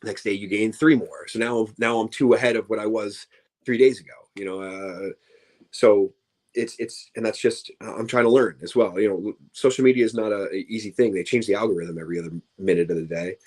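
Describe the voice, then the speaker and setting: A man's voice: on the low side, brisk, a little mellow. A man, a professional wrestler, chatting casually as an interview guest, tired and rambling with many restarts and fillers. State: tired, yawning.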